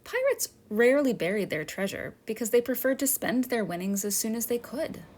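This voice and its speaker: A woman's voice: fairly high pitch, big pitch swings, fairly quick, a little mellow. A woman museum educator, narrating a children's history lesson and asking her listeners friendly questions.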